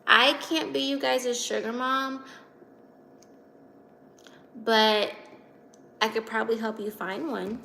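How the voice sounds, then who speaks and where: Young woman host, unhurried and gravelly, giggly livestream chatter over faint background hiss. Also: fairly high pitch, steady tone, bright, forceful tone. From Virginia. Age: 20s. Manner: chatty, giggly, reads comments aloud. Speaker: livestream host reading chat. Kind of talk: casual livestream chat.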